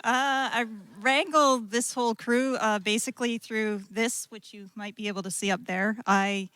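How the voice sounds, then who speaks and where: Bright-voiced woman, hesitant. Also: a little high, fairly even intonation, normal speed, clean tone, dry recording. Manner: hesitant, good-humored. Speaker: show caller. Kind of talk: casual chat.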